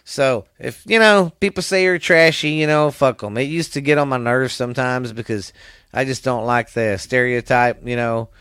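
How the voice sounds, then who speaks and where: A man's voice: mid-range voice, moderate pace, a bit bright, smooth, no room sound, studio quality. A middle-aged man with a Southern US accent hosting his own podcast alone, rambling in a profane, fired-up drawl. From American South. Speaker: podcast host. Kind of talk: casual solo podcast rant.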